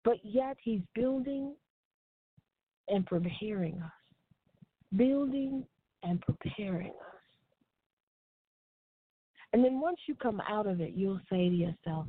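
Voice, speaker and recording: A woman's voice: medium pitch, expressive, slow pace, long pauses, husky. A woman preaching a devotional sermon in an earnest, repeating cadence. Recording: tinny phone-line sound, dry.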